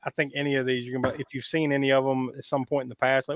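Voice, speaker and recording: A man's voice: mid-range voice, little pitch movement, rapid-fire, no echo. A man hosting a live horror podcast, chatting casually with a joking, rambling, wry manner. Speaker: podcast host. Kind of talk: casual live-stream chat. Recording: dull lo-fi sound.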